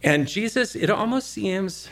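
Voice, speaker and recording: A man's voice: high-pitched, animated, a little slow, fairly bright tone. A middle-aged man preaching a sermon, telling a personal story conversationally and asking the congregation questions. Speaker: pastor.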